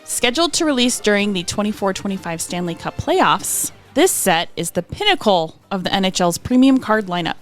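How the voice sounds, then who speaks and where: A woman co-hosting a podcast reads out release details at a middling pitch and tosses in dry little asides. Faint music sits underneath her. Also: big pitch swings, moderate pace, hardly any pauses. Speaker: podcast co-host. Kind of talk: reading card release notes on a podcast.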